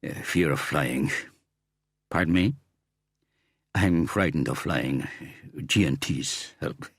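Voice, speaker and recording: Man voicing a tired hungover detective, terse, very low voice, dry sound. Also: slow pace, no echo, heavily acted. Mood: weary. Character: weary, hungover Norwegian male detective.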